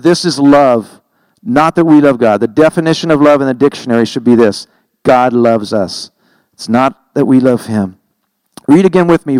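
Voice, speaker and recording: A man's voice: a little high, darkish tone, no echo, poor audio. A middle-aged man preaching a sermon in an earnest, conversational way, heavy-hearted and emotional, stumbling and correcting himself as he goes. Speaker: pastor.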